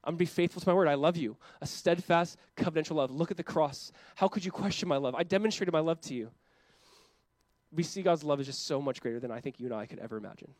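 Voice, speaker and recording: Man, pastor, sermon, high voice, dry close sound, impassioned. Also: no room sound. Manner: impassioned, voices God in quick quoted asides.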